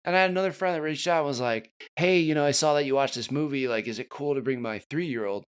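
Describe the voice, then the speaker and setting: A man's voice: fairly high pitch, fast, smooth. A man co-hosting a podcast, chatting casually and reviewing a film in a laid-back, loose way. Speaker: podcast co-host.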